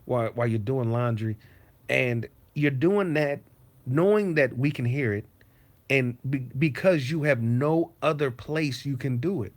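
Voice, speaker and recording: A man's voice: mid-range voice, measured pace. A man hosting a casual livestream from his home basement, ranting bluntly and profanely. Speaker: streamer host.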